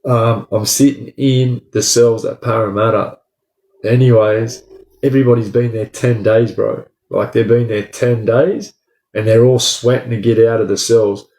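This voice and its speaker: A young Australian man casually recounts something from his past, cursing a lot and rambling with constant "like" and "bro." His voice is medium-pitched and darkish, delivered flatly at a measured pace, in an echoey room.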